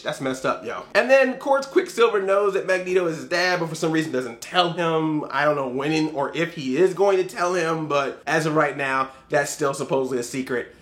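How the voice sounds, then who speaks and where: A man giving a casual, animated movie review, laughing often and acting out scenes. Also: fairly high pitch, moderate pace, few pauses.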